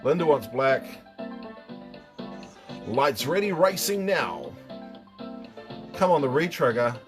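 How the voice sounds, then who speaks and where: A man's voice: fairly high pitch, very animated, slow, faint music behind. A middle-aged man with a New Zealand accent hosting a casual live stream, joking, swearing and reading out viewers' names.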